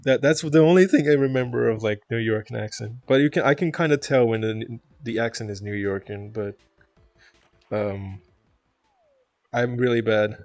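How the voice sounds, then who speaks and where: A man's voice: mid-range voice, normal speed, a little mellow, no echo, dull audio. A man from Toronto with a Canadian accent, chatting casually on a live stream, reading chat aloud, rambling and laughing often.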